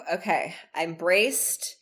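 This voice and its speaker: A woman's voice: fairly low pitch, drawn-out words, a bit bright. A woman co-hosting a podcast, reacting with horror and swearing as she listens. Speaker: podcast co-host. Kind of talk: casual chat.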